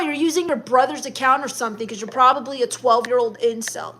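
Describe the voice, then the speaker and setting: Young woman, high voice, sassy livestream chat reading, quick snappy comebacks. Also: bright, forceful tone. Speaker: live streamer.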